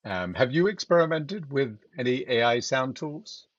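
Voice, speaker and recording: A man hosting an interview, asking questions in measured, brief prompts. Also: mid-range voice, big pitch swings, no echo. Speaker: interview host. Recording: dry, dull lo-fi mic.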